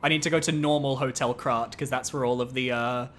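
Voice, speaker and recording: Male streamer, casual gameplay commentary, excitable and foul-mouthed, rambling. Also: medium pitch, a little fast, slight background noise. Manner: excitable, swears freely, rambling asides.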